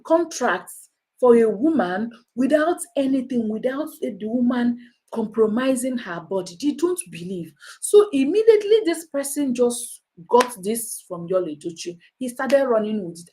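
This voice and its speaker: A woman's voice: on the high side, rough recording. A woman, giving rambling, exclamatory commentary in a casual vlog. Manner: animated, exclamatory, rambling with restarts. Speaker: vlogger.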